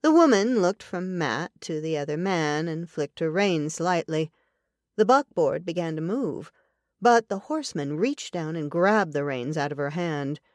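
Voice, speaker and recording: A woman narrating a western novel as an audiobook in an even, deliberate storytelling manner. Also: low voice, no echo, studio quality.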